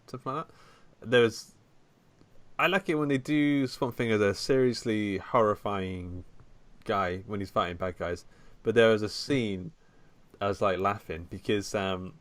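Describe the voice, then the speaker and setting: Low-voiced man in low-key chat. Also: dry recording. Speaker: podcast co-host. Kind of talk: casual chat.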